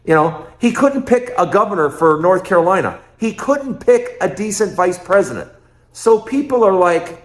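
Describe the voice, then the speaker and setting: A man hosting his own political commentary show, talking emphatically and repeating phrases in quick rhetorical bursts. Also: high-pitched, lively intonation, echoey room.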